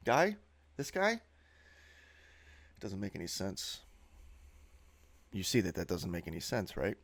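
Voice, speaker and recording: A man giving a sneering, profane monologue while narrating a slideshow as a video host. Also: mid-range voice.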